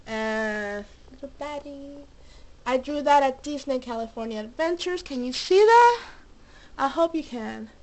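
A young vlogger shows off her collection from her bedroom, gushing with bubbly enthusiasm and small cheers, though she sounds a bit sick and out of breath. Her high, expressive voice has a darkish tone and a measured pace. The poor audio comes from a handheld camera mic that moves around.

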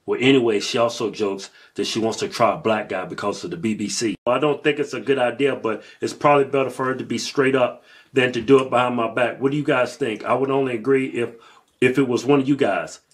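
A man in casual comedic banter, joking crudely, loud, and breaking into laughter often. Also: medium pitch, fairly even intonation, quick pace. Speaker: comedy vlogger.

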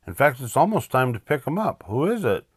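An older man voicing a caring aardvark mother who speaks briskly. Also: medium pitch, very animated, husky, no echo, studio quality, pitched above the performer's own voice.

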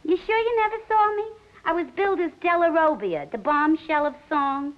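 A woman's voice: high-pitched, lively intonation, moderate pace. A woman playing a talkative, vain middle-aged mother who was once a stage singer, from a 1950s film. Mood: chatty. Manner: talkative, self-promoting. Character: chatty former showgirl mother, vain and fussy. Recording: dull old film soundtrack.

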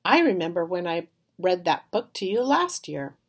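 A woman's voice: lowish voice, very animated, normal speed, breathy edge, exaggerated voice. A woman reading aloud, voicing a kind female schoolteacher in a storybook. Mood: gentle.

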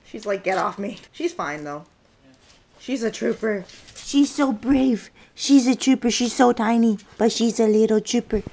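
A woman's voice: fairly high pitch, measured pace, poor audio. A woman vlogging casually, cooing at puppies in baby talk and often gasping and laughing. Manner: excitable, gasps and laughs often. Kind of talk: casual vlog.

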